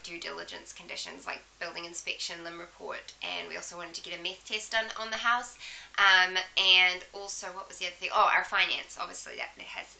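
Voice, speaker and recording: A New Zealand woman vlogging with a head cold, her voice stuffy and hoarse-edged yet very bright and sharp. She chats casually to camera, telling her story with asides and the odd throat clear. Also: on the low side, rough recording.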